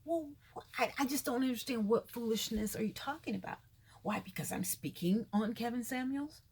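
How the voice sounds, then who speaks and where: Fifties woman with a husky voice delivering an indignant, animated casual commentary. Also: fairly high pitch, normal speed. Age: 50s. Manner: animated, indignant, drops to whispers for asides. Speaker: vlogger.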